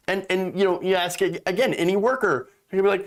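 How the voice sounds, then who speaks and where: A man's voice: sits high, fast talker, hardly any pauses. A man hosting a political commentary show, sarcastic and exasperated, mocking what he reads and swearing freely.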